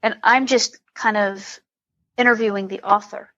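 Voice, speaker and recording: A woman's voice: medium pitch, fairly even intonation, normal speed, bright, forceful tone, lo-fi sound. A woman, a comedian guest on a podcast, talking in a rambling way with many restarts. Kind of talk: casual interview.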